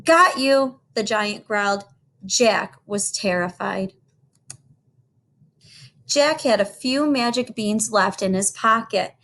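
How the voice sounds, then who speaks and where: A woman teacher reading a storybook aloud to children, slow and expressive. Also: medium pitch.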